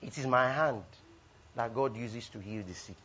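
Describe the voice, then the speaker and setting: A man preaching a sermon with call-and-response, swinging between loud bursts and soft asides. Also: medium pitch, normal speed, husky. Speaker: pastor. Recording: dull lo-fi recording.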